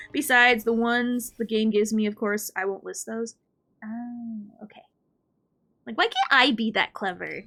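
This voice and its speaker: A woman live streaming a game, chatting casually with her viewers in an animated, playfully ranting and mock-scolding way. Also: a little high, measured pace, pauses often, soft background music. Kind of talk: casual gaming stream chat.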